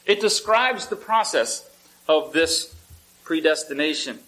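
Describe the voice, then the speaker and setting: A man's voice: on the high side, lively intonation, measured pace, sharp tone, poor audio. A male pastor preaching a sermon in a conversational way, often asking the congregation questions and repeating words as he restarts.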